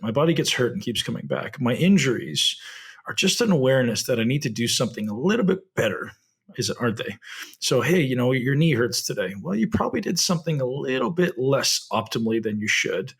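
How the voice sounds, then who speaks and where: A man's voice: medium pitch, gravelly, slightly rough. A man hosting a solo podcast, speaking reflectively and often ending points with rhetorical tag questions. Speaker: podcast host.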